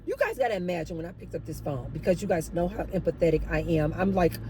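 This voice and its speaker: A woman vlogger telling a story to her viewers in an animated, chatty way, addressing them as "you guys". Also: on the low side, fast, slight background noise. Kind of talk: storytime monologue.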